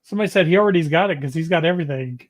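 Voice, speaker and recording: A man's voice: a little high, rapid-fire, noisy background. A man co-hosting a live talk stream, joking around in casual banter. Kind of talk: casual chat.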